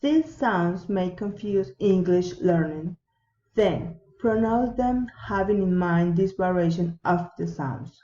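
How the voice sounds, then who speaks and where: A woman reads English word pairs and practice sentences at an unhurried, careful pace, modeling each sound and intonation pattern. Her voice is soft and mellow. The recording is dull and lo-fi, in a roomy space with echo. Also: fairly low pitch, expressive, a little hiss or hum. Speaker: English pronunciation teacher. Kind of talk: slow read-aloud pronunciation drill.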